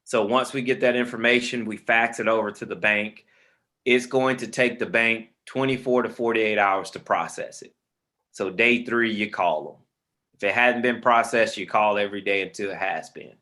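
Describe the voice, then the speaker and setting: A man's voice: on the low side, normal speed, sharp tone. Friendly man teaching on a video call. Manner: friendly, informal, calls listeners man and brother. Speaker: real estate investor teaching a webinar. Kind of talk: online webinar instruction.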